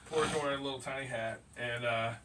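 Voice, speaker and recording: A man's voice: medium pitch, steady tone, quick pace, pushed and bright. A man hosting a casual podcast chat, laughing often and swearing as he tells stories. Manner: laughing, profane storytelling. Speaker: podcast host. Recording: distant mic with faint noise.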